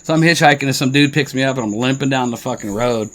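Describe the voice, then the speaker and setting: A man's voice: mid-range voice, quick pace, a bit bright. Laid-back swearing man telling stories. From Colorado. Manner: profane and laid-back, says "dude" constantly. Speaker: podcast co-host. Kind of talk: casual chat, storytelling.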